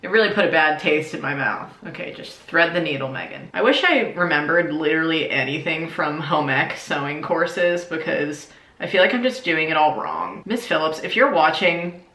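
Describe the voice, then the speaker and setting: Tipsy young woman rambling while she sews, bright voice, kinda low, echoey room. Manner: chatty, self-mocking, slips into silly voices. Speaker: YouTuber. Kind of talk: casual comedic vlog while sewing and drinking.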